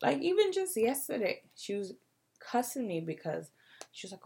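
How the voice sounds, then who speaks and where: A young woman co-hosting a podcast in casual chat, telling stories with animated quoted voices. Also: moderate pace, gravelly, slightly rough. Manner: animated storytelling, acting out quotes in a high mocking voice. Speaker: podcast co-host.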